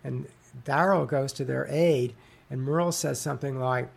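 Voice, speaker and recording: Halting, gravelly-voiced man. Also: mid-range voice. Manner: halting, many fillers and restarts. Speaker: author guest. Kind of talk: interview conversation.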